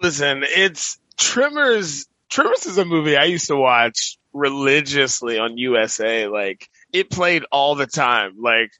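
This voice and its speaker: A man co-hosting a podcast, rambling excitedly about movies and laughing a lot. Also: a little high, no echo, muffled recording. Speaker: podcast co-host. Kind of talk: casual chat about movies.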